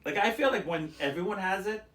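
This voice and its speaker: High-pitched guy rambling through a story on a podcast, roomy echo. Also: lively intonation, a little fast, a bit bright. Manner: rambling storyteller, acts out quotes. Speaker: podcast co-host. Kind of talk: casual chat.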